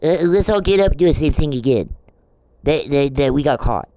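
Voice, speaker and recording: A woman's voice: low-pitched, expressive, fairly quick, mellow, slight background noise, voice pushed up. A woman doing a mocking, stammering impression of a bumbling man who keeps repeating his mistakes.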